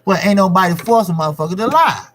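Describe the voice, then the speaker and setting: A man's voice: sits high, animated, quick pace, fairly bright tone. A man hosting his own boxing channel, talking on a live stream in a loose, profane, repetitive way. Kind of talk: casual live-stream rant.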